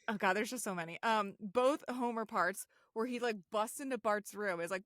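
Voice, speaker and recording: A woman co-hosting a podcast, chatting casually about a cartoon episode, giggling often and quoting lines in quick voices. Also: on the high side, a bit bright, no echo, studio quality. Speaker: podcast co-host.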